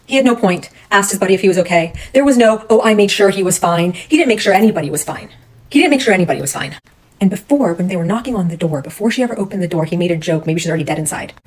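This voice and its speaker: A woman's voice: medium pitch, expressive, fast talker, husky, rough recording. A woman retelling a true crime case in a casual, blunt, heated way, swearing often.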